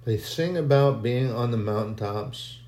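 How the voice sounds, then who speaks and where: A man preaching an informal sermon in a conversational way, repeating phrases and slipping into quoted voices. His voice sits at an ordinary pitch. The room around him is echoey. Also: a little slow, a little mellow.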